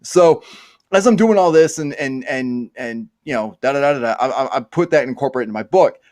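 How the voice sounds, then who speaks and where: Rambling, cursing podcast host. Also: male voice, mid-range voice, fairly quick. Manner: rambling, profane, excitable. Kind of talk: casual chat.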